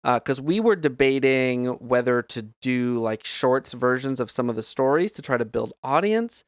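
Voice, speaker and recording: A man's voice: mid-range voice, lively intonation, normal speed, no room sound, studio quality. A man hosting a podcast, thinking aloud in a casual chat. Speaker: podcast host.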